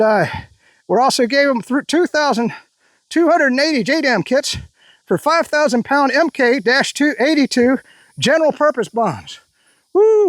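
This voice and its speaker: A man's voice: extremely high pitch, no room sound, clean studio sound. A man giving a ranting online commentary, angry and sarcastic, with a rambling delivery.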